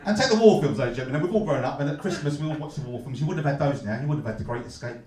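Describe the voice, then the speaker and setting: A man's voice: on the high side, very fast, recorded from a distance. Cockney man doing stand-up in a club. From London. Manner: deadpan, mock-glum delivery with rising shouted punchlines. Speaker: stand-up comedian. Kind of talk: stand-up comedy set. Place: comedy club stage. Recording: echoey club, heard from afar. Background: audience laughter.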